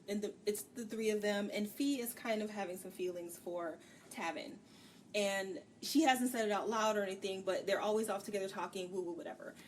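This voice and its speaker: Ranting woman book reviewer, mic off at a distance. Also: medium pitch. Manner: candid, ranting, acts out characters' lines in quick bits. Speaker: book review podcast co-host. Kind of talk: casual chat. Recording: distant mic with faint background noise.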